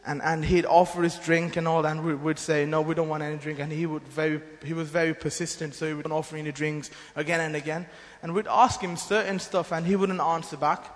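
Male, earnest testimony-teller, loose rambling delivery, a bit high-pitched, echoing church hall. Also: level tone, a little fast, few pauses. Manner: earnest, rambling storytelling with many restarts. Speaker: mission team member giving testimony. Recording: long hall reverb.

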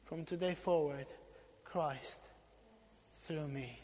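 High-voiced preacher in a reverberant church. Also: male voice, takes it slowly, a little hiss or hum. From Romania. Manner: emphatic, repetitive, swings from loud exhortation to hushed lines. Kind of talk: sermon. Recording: long reverb in a church hall.

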